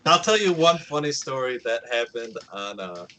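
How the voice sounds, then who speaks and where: Podcast host, male, casual storyteller who acts out the quotes; bright voice. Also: mid-range voice, moderate pace, slight background noise, poor audio. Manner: animated storyteller, acts out quotes, swears often.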